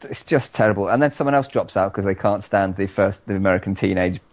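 A British man co-hosting a casual podcast, ranting loudly with lots of swearing. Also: low voice, fast talker, no room sound, highs cut off. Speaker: podcast co-host. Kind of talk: casual chat.

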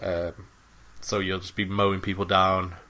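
Rambling, low-voiced podcast host. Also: male voice, little pitch movement, unhurried, bright, forceful tone. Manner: rambling, enthusiastic, lots of ums and swearing. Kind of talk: casual chat.

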